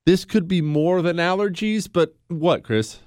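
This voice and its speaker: A man hosting a radio talk show, talking casually and joking with quick asides while he is a bit under the weather. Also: high-pitched, darkish tone, clean tone, no echo, studio quality. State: a bit sick, possible fever. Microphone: studio microphone.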